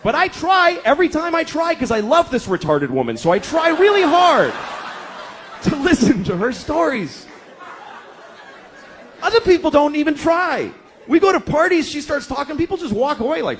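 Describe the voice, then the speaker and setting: A man performing stand-up on a club stage, his voice swinging widely and high in pitch. He tells profane, exaggerated stories in an animated way. Audience noise fills the live recording. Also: moderate pace, a crowd in the background. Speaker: stand-up comedian. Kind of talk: stand-up comedy routine.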